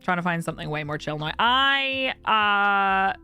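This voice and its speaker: A woman's voice: mid-range voice, expressive, a little slow, pushed and bright, faint music behind. A young woman streaming and chatting casually with viewers, candid and talkative, laughing often.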